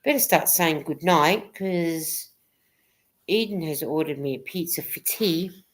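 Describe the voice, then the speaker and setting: A woman's voice: deep voice, measured pace. A woman hosting a casual livestream chat, rambling a little and reading viewer comments aloud. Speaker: host of a live chat stream.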